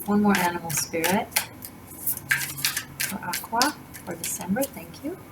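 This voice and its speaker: A woman's voice: on the low side, lively intonation, measured pace, heavy background noise. A woman doing a tarot reading to camera, talking in a gushing, rambling way with many restarts. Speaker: tarot reader. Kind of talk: casual spiritual reading to camera.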